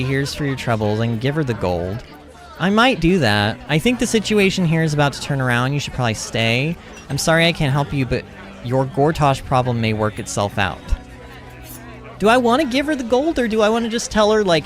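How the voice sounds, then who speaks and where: A young man streaming a game, thinking aloud and reacting with exclamations. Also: a little high. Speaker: gaming streamer. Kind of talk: casual gameplay commentary.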